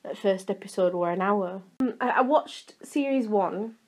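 A woman's voice: medium pitch, darkish tone. Young yorkshire woman chatting, teasing her friend, jumps in a lot. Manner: teasing, talkative, quick to interrupt. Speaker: podcast co-host. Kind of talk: casual chat.

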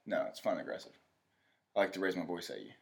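A man's voice: deep voice, fairly even intonation, quick pace, a crowd in the background. A young man hosting a casual podcast, joking around with a friend, swearing freely and trailing into mumbled asides. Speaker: podcast host. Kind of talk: casual chat.

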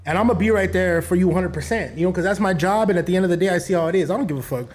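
High-voiced animated man with LA slang. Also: very fast. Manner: animated, profane street slang, acts out voices. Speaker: podcast guest, behavioral interventionist. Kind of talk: casual podcast chat.

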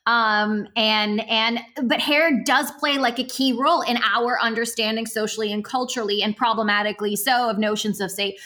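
A woman's voice: a little high, fairly even intonation, moderate pace, hardly any pauses, sharp tone. A woman co-hosting a podcast, reflecting thoughtfully in academic wording. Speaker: podcast co-host. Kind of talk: casual reflective chat.

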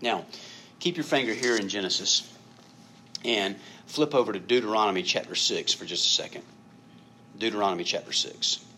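A man's voice: on the low side, normal speed, pauses often, sharp tone, slight background noise. A male pastor preaching a sermon in a conversational, emphatic way, often repeating words.

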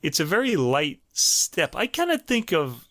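A man's voice: on the high side, wildly swooping pitch, unhurried, sharp tone, no echo, studio quality. A man with a New York accent chatting casually through a review of a classical piano album, full of fillers and restarts, as host of a show.

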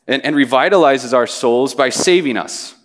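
A man's voice: mid-range voice, normal speed. A young man preaching a sermon and reading scripture aloud, earnest, often restarting with repeated words. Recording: hall reverb.

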